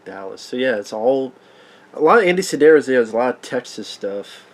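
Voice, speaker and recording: A man reacts to a movie in casual, profane commentary, sounding sarcastic and incredulous. His voice sits at a middling pitch, and he swears freely as he reacts. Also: lively intonation, fairly quick, low-quality recording.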